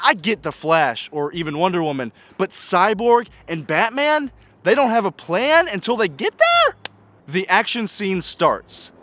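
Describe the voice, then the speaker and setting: A man's voice: high voice, a bit bright. A man giving a casual spoken movie review, exasperated and nitpicking, stacking up rhetorical questions. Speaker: film reviewer.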